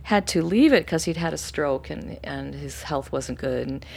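A woman telling a personal story in casual conversation, animated, acting out quoted voices and dropping to a hushed tone for calm moments. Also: moderate pace, gravelly, breathy edge. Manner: animated, acts out quoted voices with sudden high bursts; drops to soft, hushed narration for calm moments. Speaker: interview guest.

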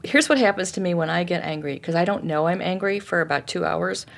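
A woman author explains her method of forgiveness in a lively, conversational way. She restarts her sentences often. Her voice sits somewhat low. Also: fairly quick, creaky. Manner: lively, acts out quotes, frequent restarts. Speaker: author and forgiveness teacher, guest. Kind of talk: interview answers, conversational teaching.

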